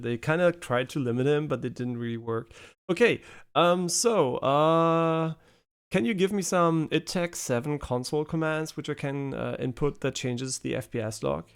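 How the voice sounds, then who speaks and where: A man's voice: mid-range voice, normal speed, clean tone. A man streaming a game, chatting casually with a voice assistant in a pushy, joking way. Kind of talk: casual gaming stream chat.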